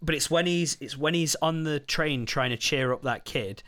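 A man's voice: on the high side, pushed and bright. A man co-hosting a casual film podcast, often restarting his sentences as he talks. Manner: halting, repeats words when starting. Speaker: podcast co-host. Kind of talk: casual film review chat.

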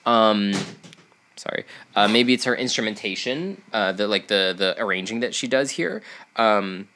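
A young man co-hosting a casual podcast, his nose stuffed up. He rambles along with lots of "like"s and restarts, and his voice sits a little low but sounds bright and forceful. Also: normal speed. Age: young adult. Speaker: podcast co-host. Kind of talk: casual chat.

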